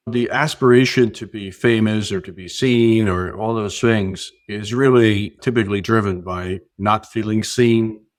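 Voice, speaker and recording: A man as a podcast guest, telling stories in an earnest, reflective way and rising in pitch and loudness when he makes a point. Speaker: podcast guest, keynote speaker. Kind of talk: reflective conversational storytelling.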